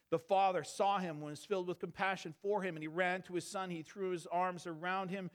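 A man in his thirties preaching a sermon, moving between quiet storytelling and fervent emphatic preaching. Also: high voice, steady tone, a little fast, few pauses. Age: 30s.

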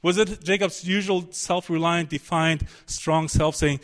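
A man's voice: on the high side, flat delivery, normal speed, hardly any pauses. A man preaching a sermon, emphatic and searching, voicing the pleading of a biblical figure in his quotes.

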